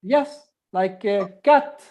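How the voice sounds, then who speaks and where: A woman's voice: medium pitch, very slow, dull audio. A woman teaching an online group English lesson, patiently repeating examples and explaining rules step by step.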